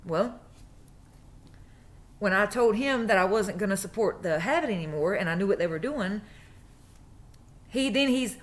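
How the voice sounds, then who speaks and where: A woman's voice: mid-range voice, normal speed. Woman telling a personal story. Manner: emphatic, repeats phrases for stress. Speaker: true crime vlogger. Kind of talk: casual storytelling monologue.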